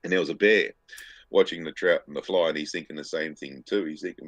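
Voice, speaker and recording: Very deep-voiced crude joke teller. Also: male voice, a bit bright, breathy edge, no room sound, lo-fi sound. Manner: crude, laid-back, drawn-out storytelling. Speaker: podcast co-host. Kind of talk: casual crude joke-telling.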